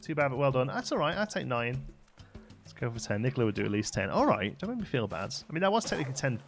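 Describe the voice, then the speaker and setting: A man's voice: mid-range voice, fast, vocal fry, soft background music. A man casually commenting on his own gameplay during a live stream, chatting with viewers and answering their messages. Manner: relaxed, chatty, reads chat aloud and answers it.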